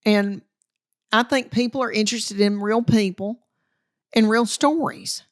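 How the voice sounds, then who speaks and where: A woman's voice: a little high, measured pace. A middle-aged woman from Tennessee with a Southern accent, a comedian telling folksy family stories as a podcast guest. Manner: folksy, animated, acts out family quotes. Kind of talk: storytelling interview chat.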